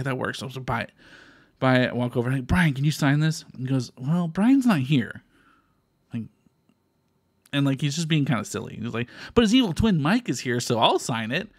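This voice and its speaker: A man's voice: medium pitch, slightly rough, no echo, clean studio sound. A man from Texas co-hosting a podcast, telling a story in casual chat, swearing freely and acting out quoted voices. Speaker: podcast co-host.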